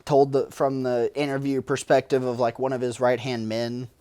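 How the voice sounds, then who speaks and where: A man guest-hosting a podcast in casual chat, excitable and laughing often, swearing and full of fillers. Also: mid-range voice, moderate pace, a crowd in the background. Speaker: podcast producer, guest host.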